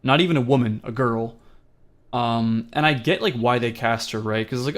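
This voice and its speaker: A young man co-hosts a casual movie review podcast. He rambles and laughs, slipping into quick voices. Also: medium pitch. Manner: rambling, laughing, animated impressions. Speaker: podcast co-host.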